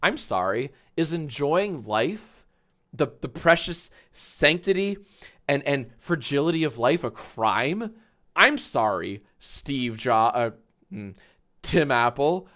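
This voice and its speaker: A livestream host chats casually at a slow pace but loudly, swearing and laughing often. He gets excited in bursts, with big swings in pitch and volume.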